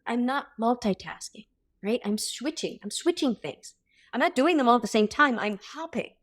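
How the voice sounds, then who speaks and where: A woman in her thirties giving a coaching talk in a workshop style, energetic and blunt, with casual swearing. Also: fairly high pitch.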